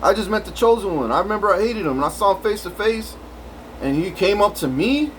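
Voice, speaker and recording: Man, rambling storyteller, swears constantly, stumbles and restarts, voice a little high. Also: animated, fairly quick, fairly bright tone, a little hiss or hum, low-quality recording. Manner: rambling, profane, many restarts. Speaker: vlogger.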